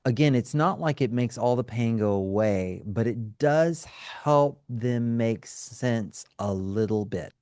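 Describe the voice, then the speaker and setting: A man's voice: mid-range voice, slow, few pauses, a little mellow, dry recording, clean studio sound. A male counselor and trauma specialist, a guest in an interview, explaining things in a teacherly way and often checking in with "right?" and "okay?".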